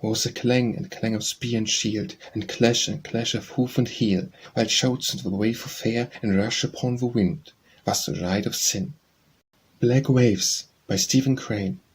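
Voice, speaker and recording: Husky low-voiced man reading poetry. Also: fairly even intonation, unhurried. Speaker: audiobook narrator.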